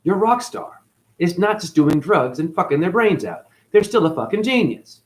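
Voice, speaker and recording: Animated, rambling man talking to camera. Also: sits high, normal speed, poor audio. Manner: profane, swings between mutters and excited bursts. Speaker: spiritual video host. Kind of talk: rambling spiritual monologue.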